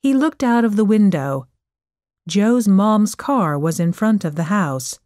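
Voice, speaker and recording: A woman narrating a storybook chapter in a careful, expressive reading voice. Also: medium pitch, measured pace, no echo, clean studio sound.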